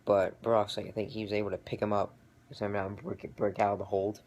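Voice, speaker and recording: Rambling young man with a low voice. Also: fairly quick, muffled recording. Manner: rambling, excitable, lots of fillers and restarts. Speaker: vlogger reviewing wrestling. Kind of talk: casual recap.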